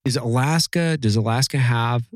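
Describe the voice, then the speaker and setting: A man's voice: medium pitch, normal speed, no room sound, studio quality. A man hosting a casual chat, enthusiastic and chatty.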